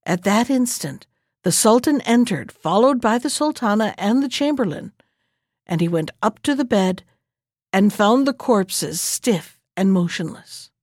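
A woman host reading a fairy tale aloud in a measured, clear way. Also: mid-range voice, expressive, a little mellow, dry recording, studio quality. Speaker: storyteller host.

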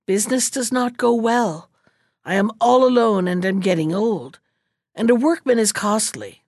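A woman's voice: fairly high pitch, normal speed, a little mellow, no room sound, clean studio sound, natural voice. A woman voicing a weary, aging cobbler complaining about his trade in a storybook reading. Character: older cobbler father, weary and gloomy.

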